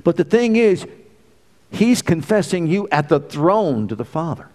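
A middle-aged man preaching a sermon, emphatic and full of rhetorical questions, swinging between loud exclamations and hushed asides. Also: fairly high pitch, big pitch swings, unhurried.

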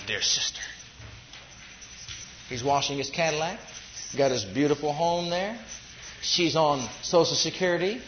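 A male pastor preaching a sermon, swinging between loud shouted lines and low, quiet asides. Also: reverberant, muffled recording, slight background noise.

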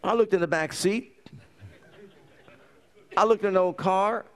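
A middle-aged male pastor preaching a sermon, telling his own story with lively energy and quoting scripture. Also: on the high side, brisk.

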